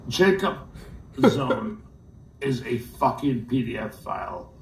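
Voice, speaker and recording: A man trolling a streamer with slow, mocking insults. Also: medium pitch, sing-song, creaky, a little hiss or hum. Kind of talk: trolling banter. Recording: roomy, distant, faint ambience.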